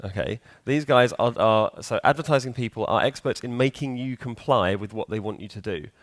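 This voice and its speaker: A man's voice: medium pitch, brisk. A man giving a live conference talk in a hall, chatty and joking, quizzing the audience. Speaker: conference speaker.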